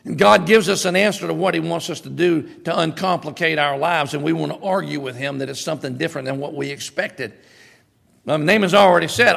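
A male pastor preaching a sermon in an animated, conversational way, with sudden loud bursts. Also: a little high, fairly quick, vocal fry, big-room sound.

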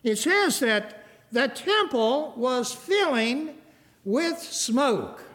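An older man preaching a sermon, animated, rising loud and then dropping to a soft hush. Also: extremely high pitch, very slow, big-room sound. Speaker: pastor.

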